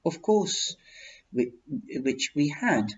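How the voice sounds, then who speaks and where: A man reviewing a tarot deck in a heartfelt, casual way, talking emotionally and haltingly with many restarts. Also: on the high side, big pitch swings, a little hiss or hum. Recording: dull lo-fi recording.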